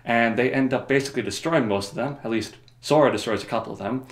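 A man's voice: medium pitch, fast talker, hardly any pauses. A man casually rambling through a comedic story summary, jokey and offhand, recorded in a roomy space. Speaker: video creator. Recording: roomy echo.

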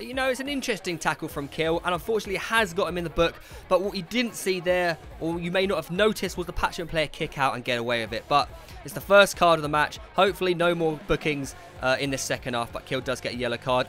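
A young man giving lively, chatty commentary on an amateur football match, shouting at the big moments. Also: fairly high pitch.

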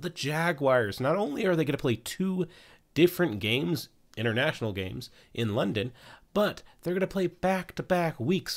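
A young man hosting a casual weekly football news recap, swearing freely as he talks. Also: fairly high pitch. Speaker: sports news host.

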